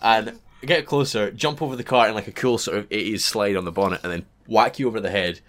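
A man's voice: on the low side, fast, a bit bright. A man co-hosting a podcast, casually narrating a silly made-up scenario with wry humor. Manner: easygoing, wry storytelling. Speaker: podcast co-host.

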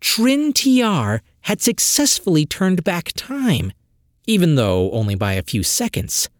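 Expressive male audiobook narrator. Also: high-pitched, unhurried, no room sound, studio quality. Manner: expressive, dramatic storytelling.

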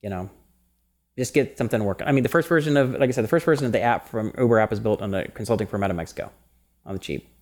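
A man co-hosting a casual podcast chat, animated and rambling, often breaking into laughter. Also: fairly low pitch, rapid-fire. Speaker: podcast co-host.

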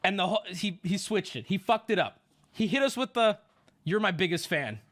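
A man in his thirties telling a rambling story as a streamer in casual chat, animated and profane. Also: high voice, brisk. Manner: rambling, animated, swears, acts out quotes.

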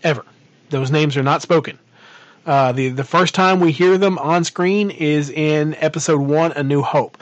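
Male podcast co-host and game master, rambling and full of restarts, a bit high-pitched, dry mic. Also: unhurried, no room sound, highs cut off. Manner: rambling, many fillers and restarts. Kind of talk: casual podcast chat.

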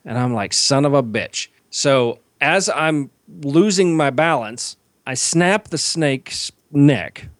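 A man's voice: on the high side, slow, hardly any pauses, no echo. Swearing man telling a story. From Georgia, US. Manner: animated, swears constantly, acts out his own shouts. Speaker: podcast co-host. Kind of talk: profane comic storytelling.

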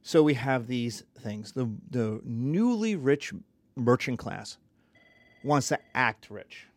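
Man giving a lively history lecture. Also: medium pitch, takes it slowly, no echo. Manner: lively, conversational, acts out little voices.

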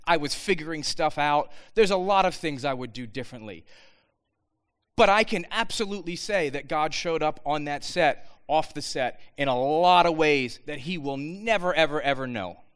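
A man giving an earnest, animated talk to students, with frequent restarts. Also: on the high side, moderate pace, clear, resonant tone. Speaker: speaker addressing students.

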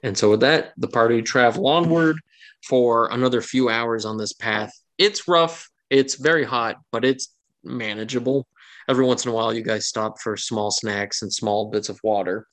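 A man's voice: mid-range voice, moderate pace, a bit bright. A man narrating as game master of a tabletop game, rambling loosely with fillers.

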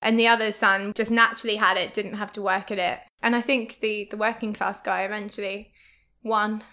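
A woman's voice: medium pitch, little pitch movement, a little fast, sharp tone. A woman guest in a casual podcast chat who laughs often.

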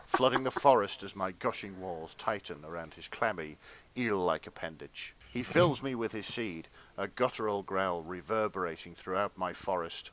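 A man co-hosting a comedy podcast, reading fan fiction aloud in a hushed, mock-serious tone. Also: low-pitched, normal speed, hardly any pauses, slight background noise. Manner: reads in a hushed, mock-serious tone, then cracks up. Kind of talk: dramatic reading with comic asides.

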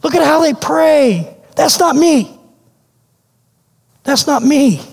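A man's voice: very high-pitched, expressive, slow, creaky, darkish tone, pitched above the performer's own voice, heavily acted. A man voicing a humble outcast who protests that he is not worthy, in a pleading, incredulous way. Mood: disbelieving. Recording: long hall reverb.

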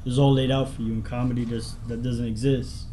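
A man, a comedian and former Marine, answering interview questions in a measured, thoughtful way. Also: mid-range voice, little pitch movement, dark tone, a little hiss or hum. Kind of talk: casual interview chat.

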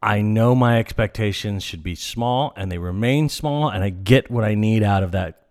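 A man's voice: lowish voice, normal speed, darkish tone. A man delivering a sarcastic, exasperated comedic rant. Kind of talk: ranting comedic monologue.

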